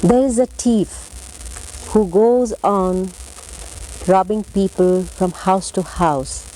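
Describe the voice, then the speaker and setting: Slow, mellow-voiced woman recalling memories. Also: mid-range voice, steady tone, slight background noise, rough recording. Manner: gentle, measured storytelling with repeated phrases. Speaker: interviewee. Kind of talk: oral history reminiscence.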